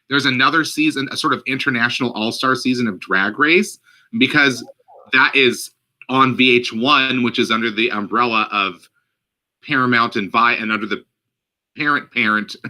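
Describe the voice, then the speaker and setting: A man's voice: mid-range voice, sharp tone. A man co-hosting a podcast in casual chat, rambling with frequent fillers and laughs. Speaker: podcast co-host.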